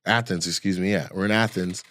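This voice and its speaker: A man co-hosting a casual chat, telling animated stories and acting out the voices of the people in them. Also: deep voice, brisk.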